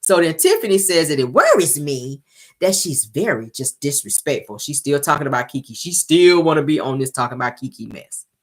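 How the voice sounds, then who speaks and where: A woman with a low voice and big pitch swings recaps a reality show episode fairly quickly. She keeps it chatty and casual, dropping into playful impressions of the cast members.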